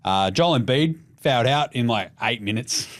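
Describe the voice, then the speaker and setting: Australian male podcast host, sweary casual chat, very lively pitch. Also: moderate pace. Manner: animated, profane, mimics voices for jokes.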